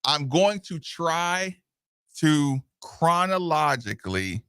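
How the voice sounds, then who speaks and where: Brief: male radio host, animated rambling storyteller, bright forceful tone, dry studio sound. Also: a little high, takes it slowly, clean tone, no room sound. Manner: animated, digressive, breaks into voices of others. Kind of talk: casual talk-show storytelling.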